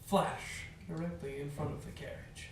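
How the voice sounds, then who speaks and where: A man's voice: a little high, little pitch movement, normal speed, slight background noise. Man game master in an echoey room. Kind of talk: narrating a tabletop game. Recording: echoey room, mic far off.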